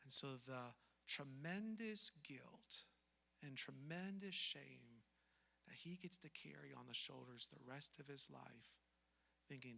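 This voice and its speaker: A man who is a foster parent, telling a personal story in an earnest, emphatic way that drops to a hush for sad parts. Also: mid-range voice, slow, creaky, big-room sound.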